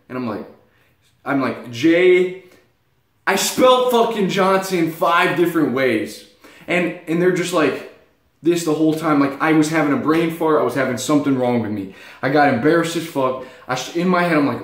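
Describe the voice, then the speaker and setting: A man's voice: mid-range voice, normal speed. Profane young man vlogging in an echoey room. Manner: blunt, profane, animated storytelling. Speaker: self-help vlogger. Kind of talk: casual motivational vlog.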